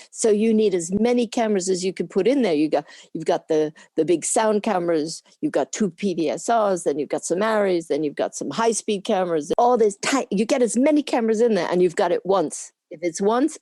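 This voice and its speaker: An older woman, a former camera assistant, chatting as an interview guest and telling lively stories with frequent laughs. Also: medium pitch, no room sound, clean studio sound. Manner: lively anecdotal storytelling with laughs; acts out quoted people in put-on voices. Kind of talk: casual interview reminiscing.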